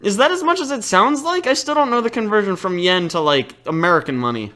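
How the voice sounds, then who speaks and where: A man's voice: high-pitched, lively intonation, quick pace, bright, forceful tone. A man giving casual, sarcastic commentary over a game, rambling and swearing freely. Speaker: let's play host.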